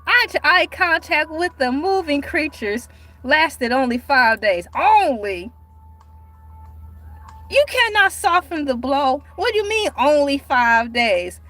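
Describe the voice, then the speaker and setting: A woman chatting casually on her livestream, animated and dramatic, with sudden cries and mock outrage. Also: high voice, takes it slowly. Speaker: livestream host.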